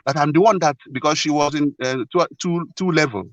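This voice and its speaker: An earnest man tells his own story, stopping and restarting as he searches for words. His voice sits a little high for a man. The sound is dry, with no room echo. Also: muffled recording. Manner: earnest, halting, with many restarts and repeats. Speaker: guest sharing a marriage problem. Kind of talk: telling a personal story.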